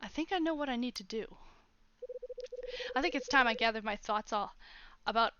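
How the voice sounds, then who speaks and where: A woman's voice: on the high side, normal speed, pushed and bright, clean tone, no echo, muffled recording. A woman reading a terse weary detective. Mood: flat. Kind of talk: reading game dialogue aloud.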